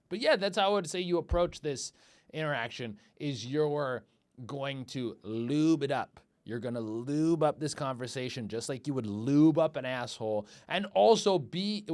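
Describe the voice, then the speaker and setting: A man hosting a comedy podcast, rambling crudely and acting out little quoted exchanges. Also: fairly high pitch. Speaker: podcast host.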